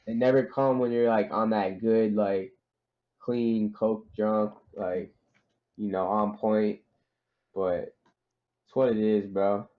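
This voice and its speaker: A man's voice: fairly low pitch, fairly even intonation, slow pace, long pauses, phone-quality sound. A young man in casual voice chat, laid-back and slangy.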